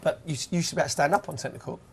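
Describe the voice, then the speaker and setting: Fast-talking man bantering. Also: on the high side, vocal fry, crowd noise. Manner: quick banter, playful. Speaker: comedy panel guest. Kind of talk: comedy panel chat.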